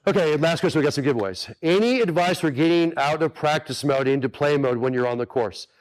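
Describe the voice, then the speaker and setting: A man's voice: fairly high pitch, fast talker. A man hosting a golf coaching webinar in a casual, earnest way, often turning straight to his listeners to check they follow him. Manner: earnest, repetitive, talks straight to the audience with many asides.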